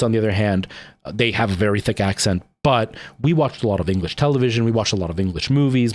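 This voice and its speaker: A man in his thirties with a Canadian accent, chatting casually and rambling to his livestream viewers, with lots of ums and restarts. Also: on the low side. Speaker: streamer.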